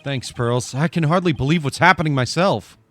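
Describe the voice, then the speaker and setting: A man's voice: a little high, a little fast, a bit bright, soft background music, natural voice. A man voicing an earnest male defense lawyer, pleading and determined.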